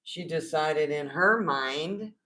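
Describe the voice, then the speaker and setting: Male co-host, somewhat high voice, short agreeing interjections. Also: takes it slowly, bright, forceful tone, low-quality recording. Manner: brief agreeing interjections, retells stories. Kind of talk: casual live chat about faith.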